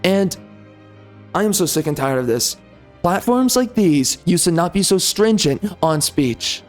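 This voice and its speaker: A man's voice: sits high, expressive, measured pace, soft background music. A man hosting a gaming commentary channel, delivering an angry, insulting political rant full of repetition.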